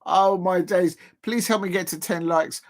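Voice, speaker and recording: A man's voice: high-pitched, fairly even intonation, unhurried. A man streaming a live football reaction, chatty and laughing, calling out his viewers. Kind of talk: live match reaction commentary.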